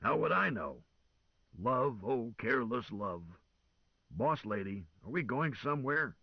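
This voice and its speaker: Husky male pilot, clipped, dry, dull sound, voiced by the narrator. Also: medium pitch, big pitch swings, unhurried, dry recording, pitched above the performer's own voice, full character voice. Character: laconic male chief pilot.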